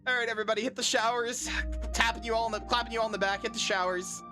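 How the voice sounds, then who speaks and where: Speaking at a racing clip with a steady tone and fairly high pitch, a woman in her thirties rambles to her stream audience over background music. She curses freely and keeps making dry jokes about herself.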